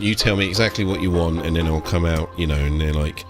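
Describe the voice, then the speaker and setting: A man's voice: low voice, flat delivery, fast, hardly any pauses, music in the background. A British man who paints miniatures chats casually on a live stream, ranting and swearing, with "like" and "mate" in every sentence.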